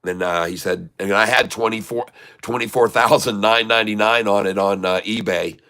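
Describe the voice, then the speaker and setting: Bright-voiced man telling rambling stories. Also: lowish voice, steady tone, moderate pace. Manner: rambling anecdotes with laughs and quoted dialogue. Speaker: trading channel host. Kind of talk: casual storytelling.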